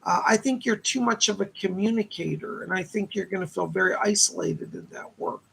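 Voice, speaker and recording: A man's voice: high-pitched, brisk, vocal fry, a bit bright, a little hiss or hum. A man hosting a live stream of psychic readings, chatty and upbeat, reading viewer comments aloud and thanking donors.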